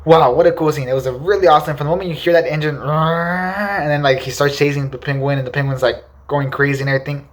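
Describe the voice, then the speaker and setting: A man's voice: a little high, fairly even intonation, fast talker, few pauses. A man giving a casual, enthusiastic spoken film review, leaning on fillers and repeating words for emphasis. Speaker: movie reviewer.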